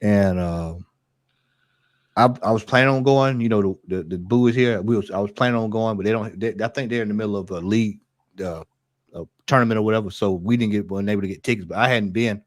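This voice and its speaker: A man's voice: lowish voice, fast talker, no room sound. A man chatting casually about football, rambling and easygoing. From United States. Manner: relaxed, rambling, loose with words. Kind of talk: casual chat.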